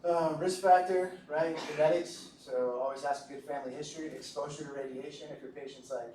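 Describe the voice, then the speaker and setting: A man's voice: fairly high pitch, fairly even intonation, moderate pace, mellow, a little hiss or hum. Man, medical lecturer, casual joking delivery, asks the class questions, echoey room, distant mic.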